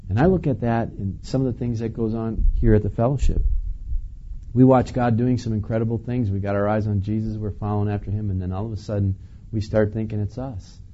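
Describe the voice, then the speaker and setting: Mellow-voiced pastor preaching casually. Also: male voice, fairly low pitch, fairly even intonation, fairly quick, lo-fi sound, a little hiss or hum. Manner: conversational, chuckles often, asks the listeners questions. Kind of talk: sermon.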